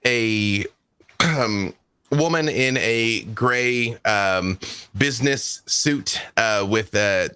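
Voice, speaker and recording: A man's voice: medium pitch, very slow, bright, forceful tone, smooth, no room sound. A man narrating as storyteller of a tabletop role-playing game, loose and filler-heavy.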